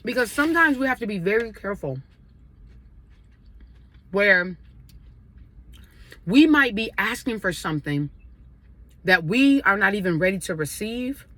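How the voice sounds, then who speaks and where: A woman's voice: medium pitch, animated, unhurried, pauses often, a bit bright, dry recording. A woman chatting casually to her viewers while eating a meal, giving relationship advice. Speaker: vlogger sharing advice. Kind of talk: casual chat over a meal.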